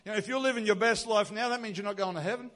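A pastor preaching a sermon, retelling a scripture story with lively acted-out dialogue. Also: male voice, high voice, racing.

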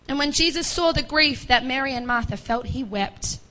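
Higher-pitched woman preaching a sermon. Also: moderate pace, hardly any pauses, pushed and bright, low-quality recording. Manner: earnest, dramatizes Bible voices with pleading rises. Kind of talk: sermon retelling a Bible story.

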